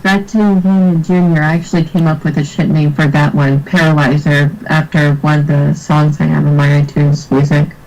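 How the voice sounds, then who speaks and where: A woman's voice: sits low, level tone, moderate pace, hardly any pauses, a little mellow, low-quality recording. Easygoing woman chatting on a podcast. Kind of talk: casual group chat on a fan podcast.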